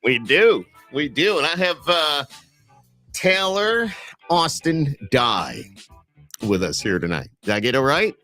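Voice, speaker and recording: A man's voice: on the high side, big pitch swings, slow pace, sharp tone, soft background music. A man with an Upstate New York accent hosting a podcast, chatty and rambling as he talks with a guest over a video call. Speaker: podcast host. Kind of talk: casual interview chat.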